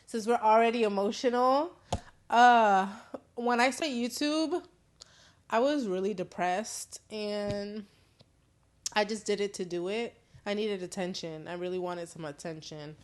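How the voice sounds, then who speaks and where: A woman's voice: medium pitch, darkish tone. A young woman hosts a casual call-in live stream in her own voice. She talks openly and swears freely, with frequent laughs between thoughts. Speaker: host.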